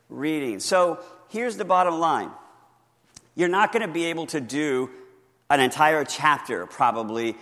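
A man's voice: a little high, fairly bright tone. Earnest man teaching in a reverberant hall. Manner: earnest, encouraging, often slows to stress words. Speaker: pastor teaching Bible reading. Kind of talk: teaching talk from a handout.

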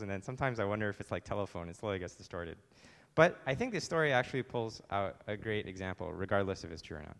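A pastor preaching a conversational sermon, asking the congregation rhetorical questions. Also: male voice, mid-range voice, long reverb tail.

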